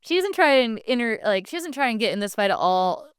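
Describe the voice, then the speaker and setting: Woman podcast co-host, wry storyteller, crisp clean voice. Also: fairly high pitch, very animated, fairly quick, no echo, studio quality. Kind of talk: casual chat, plot retelling.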